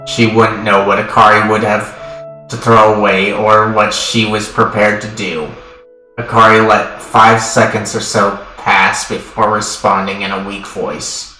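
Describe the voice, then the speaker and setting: Male game streamer reading translated lines with frequent chuckles; sharp bright voice, roomy audio, faint music behind. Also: fairly low pitch, little pitch movement, measured pace. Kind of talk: reading game dialogue and narration aloud.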